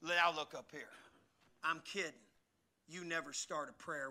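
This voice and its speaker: A man preaching an animated, joking sermon and speaking directly to his congregation. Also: on the high side, a little slow. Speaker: pastor.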